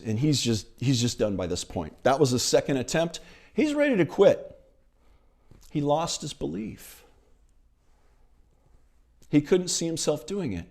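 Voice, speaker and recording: A middle-aged male minister giving a sermon, retelling a film scene in an animated storytelling manner. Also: mid-range voice.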